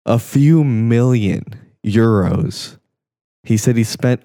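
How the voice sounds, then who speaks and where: A man's voice: medium pitch, takes it slowly, warm tone, dry recording, clean studio sound. A young man co-hosting a podcast, chatting in a loose, rambling and profane way, often trailing off mid-thought. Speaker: podcast co-host. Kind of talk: casual chat.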